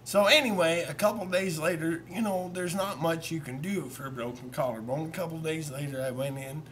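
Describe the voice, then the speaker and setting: A man's voice: on the high side, a little fast, a bit bright, a little hiss or hum. A man casually telling a childhood story to a camera that a friend is holding, rambling and poking fun at himself. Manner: rambling and self-deprecating, with repeated "so anyway". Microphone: camera held by a friend.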